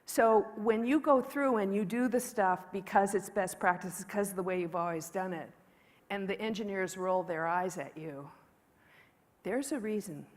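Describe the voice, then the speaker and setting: A woman speaks from a conference stage in a candid, joking, conversational way, giving a keynote at a middle pitch. Her voice carries a long reverb tail from the big hall around her. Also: a little mellow.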